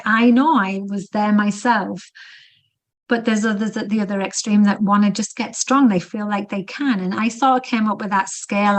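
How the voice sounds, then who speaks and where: A middle-aged woman, a fitness coach and author, talking casually as a podcast guest and acting out quotes as she tells stories. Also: mid-range voice. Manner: animated storyteller, acting out quotes. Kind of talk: conversational podcast interview.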